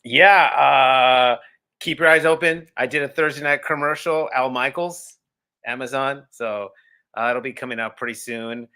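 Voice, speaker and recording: A man chatting as a guest on a sports podcast, excitable and hyped. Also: medium pitch, a little slow, clean tone. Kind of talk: casual sports podcast chat.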